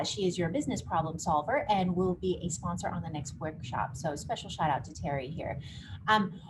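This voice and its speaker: A woman hosting a live online marketing workshop, coaching emphatically. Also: mid-range voice. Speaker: workshop host. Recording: noisy background hiss.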